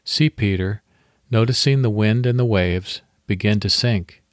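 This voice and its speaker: Low-pitched guy reading scripture slow and steady for a meditation podcast, dry close mic. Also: no echo. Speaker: podcast host leading Bible meditation. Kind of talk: calm devotional reading and guided meditation.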